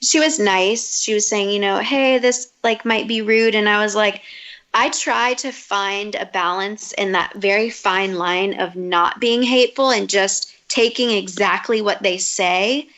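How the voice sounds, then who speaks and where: A young adult woman chatting as a podcast guest, upbeat and talkative with quick asides. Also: medium pitch, a bit bright, highs cut off. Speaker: podcast guest, comedic video creator. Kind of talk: casual podcast chat.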